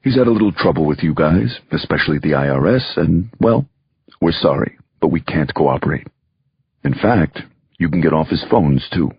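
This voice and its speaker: A man's voice: very deep voice, animated, moderate pace, breathy edge, dry recording, lo-fi sound, exaggerated voice. A man voicing a brash, streetwise middle-aged male lawyer with a Brooklyn accent in an audiobook. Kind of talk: audiobook character voice.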